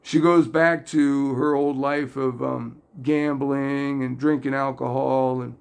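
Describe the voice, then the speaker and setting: A man's voice: mid-range voice, slow pace, gravelly, smooth. A man hosting a casual faith talk, speaking earnestly and rambling a little as he retells stories. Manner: earnest, rambling, gets loudly excited and emotional. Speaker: religious video host.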